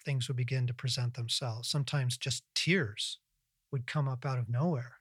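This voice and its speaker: A middle-aged man hosting a Christian podcast, talking earnestly and reflectively in casual conversational teaching, with lively bursts and frequent restarts. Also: medium pitch, normal speed, breathy edge, no room sound, clean studio sound. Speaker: podcast host and Christian author.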